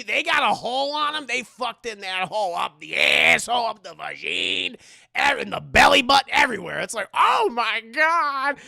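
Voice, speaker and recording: Profane, rowdy man with a gravelly voice. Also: high-pitched, no echo, clean studio sound. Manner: profane, animated, laughing storyteller. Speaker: streamer reviewing a movie. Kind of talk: casual comic recap. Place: streaming setup at home.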